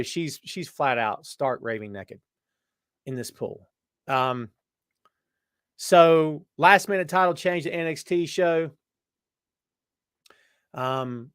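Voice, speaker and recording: A man with a smooth voice runs a casual live-stream show, reading chat and greeting viewers by name as "brother" and "my friend." He swings from loud exclamations to low asides in clean studio sound with no room noise.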